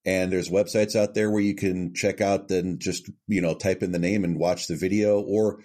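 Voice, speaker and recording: A middle-aged voice actor, a guest on a casual podcast interview, tells self-deprecating stories about his work and jumps into brief character voices. His voice is deep and a bit dark, with a level tone and normal speed.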